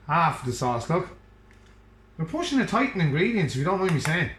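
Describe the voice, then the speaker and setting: A bright, lively Irish man jokes his way through cooking at home and teases someone off camera. His voice sits a little high and swings up and down a lot. He sounds like he is in an echoey kitchen. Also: a little fast, a little hiss or hum. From Ireland. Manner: chatty, joking banter with an off-camera partner. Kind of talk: casual chat while cooking.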